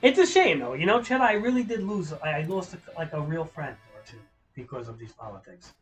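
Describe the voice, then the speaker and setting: Male streamer, slightly high voice, swears freely, heated rambling rant, faint music underneath. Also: very animated, fairly quick, low-quality recording. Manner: profane, heated, opinionated; rambling with restarts. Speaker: livestreamer. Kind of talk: live-stream ranting to chat.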